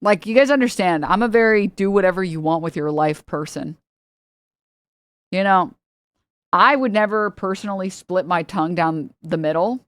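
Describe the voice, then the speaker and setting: A woman's voice: fairly low pitch, moderate pace, dry recording. A woman livestreamer chatting casually with her viewers, blunt and profane, with frequent laughs.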